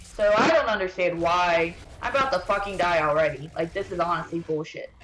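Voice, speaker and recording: A young woman telling a rambling, swear-heavy story while playing a video game, venting in an animated way. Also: fairly low pitch, fairly quick. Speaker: gaming streamer. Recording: roomy echo, faint background noise.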